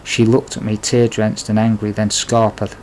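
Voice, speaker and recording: A man's voice: lowish voice, monotone, moderate pace, darkish tone, slight background noise, poor audio. A man narrating his own life story in a plain, confessional way, with blunt swearing. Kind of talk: memoir storytelling.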